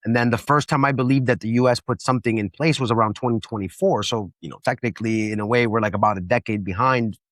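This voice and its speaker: A man hosting an interview podcast who asks casual, halting questions. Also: medium pitch, a bit bright, dry recording, clean studio sound. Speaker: podcast host. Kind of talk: interview conversation.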